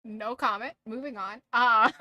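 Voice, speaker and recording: Woman streamer, high bright voice, giggly, swears, lots of "like", casual storyteller. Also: slow. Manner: giggly, swears freely, full of "like".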